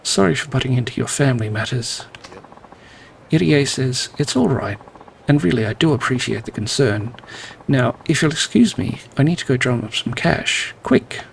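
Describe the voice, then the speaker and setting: A man's voice: mid-range voice, expressive, moderate pace, vocal fry, slight background noise. A man playing a video game, reading the characters' lines aloud and adding dry, wry asides. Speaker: gameplay narrator.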